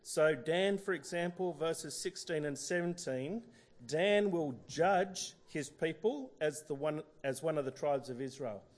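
A man's voice: a little high, unhurried. A middle-aged man preaching a sermon, talking in a conversational way with frequent fillers and restarts.

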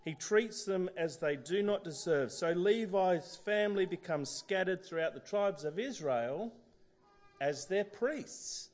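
A man's voice: sits high, expressive, a little slow, darkish tone. A middle-aged man preaching a sermon, talking in a conversational way with frequent fillers and restarts.

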